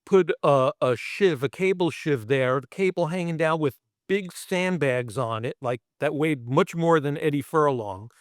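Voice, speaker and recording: Profane, animated Brooklyn man telling stories. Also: a little high, a little slow, hardly any pauses, no echo, studio quality. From Brooklyn, New York. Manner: profane and animated, acting out sound effects. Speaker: podcast guest, special effects artist. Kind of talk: casual storytelling.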